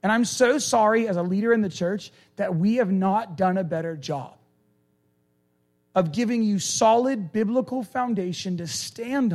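A middle-aged pastor with a high, bright voice preaches with animated energy. He slips into quick voices for the people in his stories, then drops low and quiet to press a point. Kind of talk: sermon.

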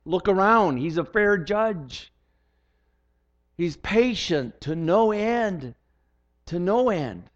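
Older guy preaching a sermon, earnest, keeps restarting his words, kinda high voice, muffled lo-fi sound. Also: expressive, slow, pauses often. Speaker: pastor. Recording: dull lo-fi recording.

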